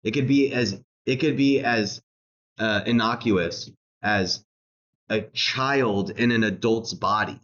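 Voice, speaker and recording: A man's voice: fairly low pitch, slow, fairly bright tone, lo-fi sound. A man streaming a reaction rant, mocking and laughing as he talks, swearing and repeating himself.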